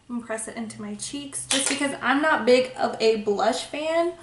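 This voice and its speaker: A woman's voice: on the high side, normal speed, hardly any pauses, background noise. A young woman talking casually through her makeup routine as a beauty vlogger, playful and self-mocking in her asides. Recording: echoey room.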